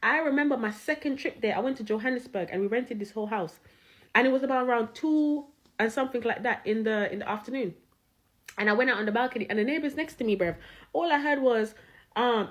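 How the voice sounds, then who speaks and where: A woman telling an animated, slangy, laughing story in a casual reaction video. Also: a little high, fast talker.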